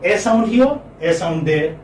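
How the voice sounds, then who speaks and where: A man's voice: high voice, lively intonation, a little slow, darkish tone. A man teaching English phonetics in a classroom lecture, saying words again and again and quizzing his students. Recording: echoey classroom, distant mic, faint noise.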